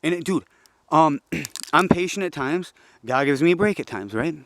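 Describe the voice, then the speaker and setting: A man's voice: lively intonation, normal speed, fairly bright tone. Agitated, profane young man ranting. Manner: agitated, profane, swings between preachy and low frustrated mutters. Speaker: vlogger. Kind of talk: casual rambling monologue.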